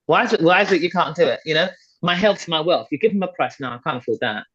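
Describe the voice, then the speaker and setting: A woman's voice: lowish voice, fast, a bit bright, husky. A middle-aged woman, a fitness and confidence coach, speaking as a podcast guest in an emphatic, persuasive way and repeating points for stress. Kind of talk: motivational conversational talk. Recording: dull, slightly lo-fi podcast audio.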